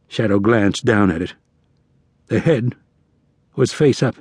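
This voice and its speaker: Husky male audiobook narrator. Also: on the low side, dry recording, studio quality. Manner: measured, lively storytelling.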